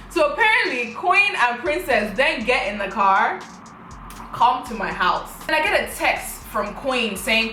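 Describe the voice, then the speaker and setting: A woman's voice: on the high side, big pitch swings, measured pace, pushed and bright, echoey room, faint music behind, rough recording. A young woman, animatedly retelling a personal story on her vlog, full of rhetorical questions. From Africa. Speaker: vlogger.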